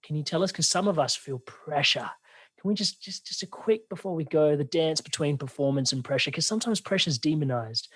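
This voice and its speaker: A man's voice: a little high, brisk, fairly bright tone, no echo. A man hosting an interview over a video call, talking enthusiastically and rambling with restarts. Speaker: podcast host. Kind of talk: casual interview.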